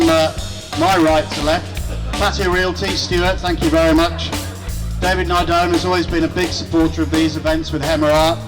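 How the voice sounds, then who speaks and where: A man's voice: on the high side, rough recording. A man acting as MC, courteously thanking sponsors at an event. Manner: formal, courteous. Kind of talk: announcement to a crowd.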